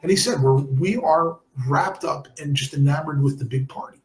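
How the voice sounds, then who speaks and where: A man's voice: on the high side, normal speed, reverberant. A man from New Jersey hosting a podcast in casual chat, blunt and emphatic. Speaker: podcast host.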